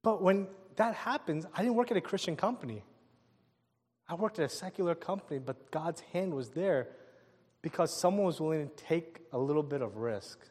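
A male pastor preaching a sermon, telling a personal story in an animated way and acting out the people in it. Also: fairly high pitch, moderate pace, husky, in a large hall. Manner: animated storytelling with laughs and quoted voices.

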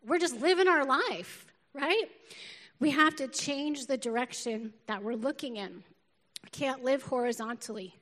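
A middle-aged woman pastor preaching a lively, feisty sermon and laughing often, recorded in a church auditorium. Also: sits high, measured pace. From northern United States. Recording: long reverb of a large hall.

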